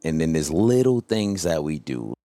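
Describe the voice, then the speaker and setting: Deep voiced guy, laid back storytelling, dry close mic. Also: moderate pace, no room sound. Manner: relaxed storyteller, keeps saying "you know what I mean". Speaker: guest, coach. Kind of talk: casual interview storytelling.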